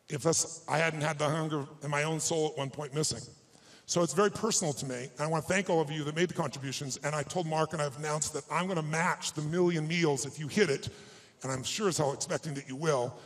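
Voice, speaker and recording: Middle-aged male motivational speaker, slightly high voice, emphatic, storytelling to a live crowd. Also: brisk. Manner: emotional storytelling, emphatic and exhorting. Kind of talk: live stage talk to an audience.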